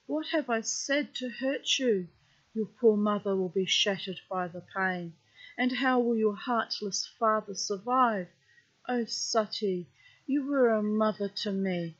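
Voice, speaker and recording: A woman's voice: mid-range voice, unhurried, lightly acted. A woman storyteller voicing a grief-stricken young goddess attendant, sobbing and wailing in lament. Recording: dull lo-fi recording.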